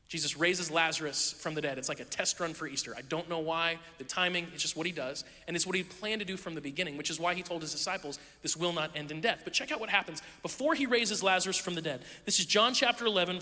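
A pastor with a high, very bright voice delivers a sermon in a conversational, storytelling way, slipping into playful asides. A man heard in a church sanctuary with a long reverb trailing his words.

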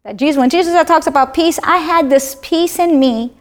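A woman's voice: high voice, moderate pace. A woman from Florida, a self-described talker, animatedly sharing a personal faith testimony in conversation.

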